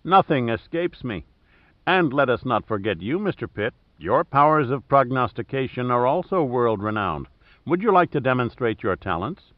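A man's voice: medium pitch, sing-song, normal speed, dry recording, lightly acted. A man doing a teasing adventurer, mock-formal. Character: wry sharp-eyed male adventurer, playful. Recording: dry, slightly dull audio.

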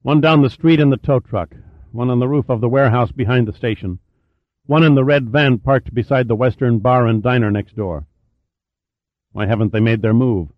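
A man's voice: medium pitch, moderate pace, dry recording, highs cut off, lightly acted. A man voicing a defiant male security guard in an audiobook, tense and guarded.

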